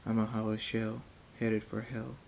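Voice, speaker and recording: Halting man reading his fan fiction. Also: lowish voice, flat delivery, vocal fry, a little mellow, a little hiss or hum. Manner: halting, repeats words. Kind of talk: amateur first-person story reading.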